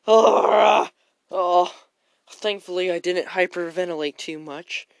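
Brief: woman putting on a put-upon guy for a homemade audio story, lower than her usual voice, slow grumbling. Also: vocal fry, dry recording. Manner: grumbling, sighing, muttering to himself. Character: frazzled everyday man George, grumbling.

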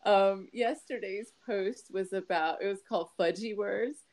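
A woman co-hosting a casual podcast conversation, earnest and quick to laugh. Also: medium pitch, darkish tone. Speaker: podcast co-host.

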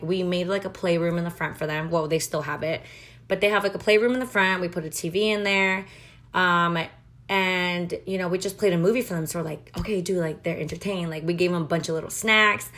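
A woman's voice: medium pitch, fairly bright tone. Frank, foul-mouthed young woman. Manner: frank, profane, filler-heavy chatter. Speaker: podcast storyteller. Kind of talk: casual confessional storytelling.

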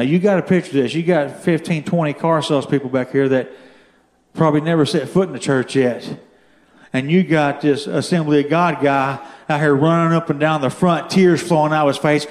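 A man telling a story from his own life as a testimony during a sermon, building to shouted fervor. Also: on the high side, echoey room. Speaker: guest speaker giving testimony. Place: church.

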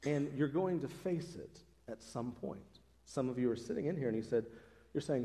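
A man preaches in an earnest, conversational way, now and then lifting his voice to drive a point home. His tone is mellow and relaxed rather than bright. The sound carries a long reverb from the church sanctuary around him. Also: mid-range voice, moderate pace. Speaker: pastor. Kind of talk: sermon.

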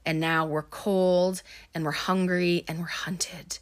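A woman's voice: lowish voice, a little fast, fairly bright tone. A woman voicing a terrified young filmmaker lost in the woods, speaking in a shaky, tearful half-whisper.

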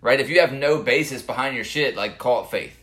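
A man's voice: medium pitch, brisk, a bit bright. A man co-hosting a podcast, laid-back in casual chat, swearing and laughing easily. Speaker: podcast co-host.

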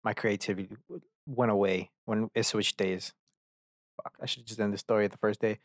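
A man's voice: fairly low pitch, fairly even intonation, fairly quick, dry recording, clean studio sound. A young man hosting a casual rant podcast, telling a rambling, profane story and acting out characters as he goes. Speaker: podcast host.

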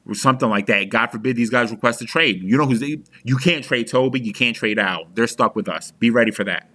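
A young adult man vents as an angry fan on his sports podcast. His voice is bright and forceful at a middle pitch. He sounds heated and profane and keeps restarting his sentences. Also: brisk.

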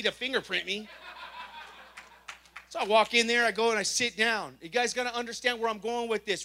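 Man, high voice, bright tone, church testimony, animated storytelling. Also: brisk, long pauses. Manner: animated storytelling, acting out dialogue. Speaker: testimony speaker.

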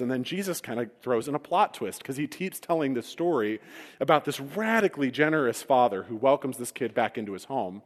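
A man's voice: medium pitch, lively intonation, fairly quick. A man preaching a sermon, retelling a story with humorous asides. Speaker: pastor. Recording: long reverb of a large hall.

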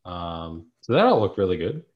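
Deep voiced guy on a podcast, laid back recap, lots of likes and you knows. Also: moderate pace, lo-fi sound. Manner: relaxed, recapping with filler words. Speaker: podcast co-host. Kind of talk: casual chat.

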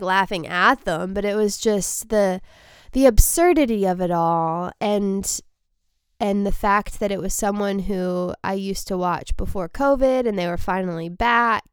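A woman's voice: medium pitch, clean tone, no echo, studio quality. A young adult woman comedian hosting her own podcast, chatting casually in a rambling, self-deprecating way with frequent restarts. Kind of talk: casual solo podcast chat.

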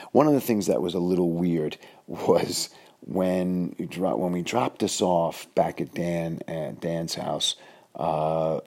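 Gravelly deep-voiced New man. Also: darkish tone. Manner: rambling, many fillers and restarts. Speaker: podcast host. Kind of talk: casual storytelling monologue.

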